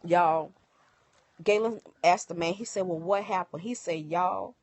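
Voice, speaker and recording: A woman's voice: fairly low pitch, no echo. Woman telling a story on a phone live, acts out voices, dry sound, not much room. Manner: emotional, animated retelling with quoted dialogue. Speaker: livestream host. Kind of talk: casual storytelling to viewers.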